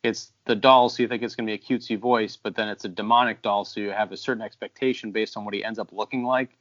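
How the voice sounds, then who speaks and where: A man's voice: fairly low pitch, steady tone, fast, a bit bright, dry recording, highs cut off. Analytical man on a dry video call. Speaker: podcast co-host. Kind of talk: casual film discussion.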